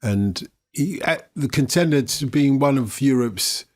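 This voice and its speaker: A man's voice: mid-range voice, animated, a little slow, no echo, studio quality. A man hosting a casual football podcast, easygoing and jokey as he reads listener questions. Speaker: podcast host.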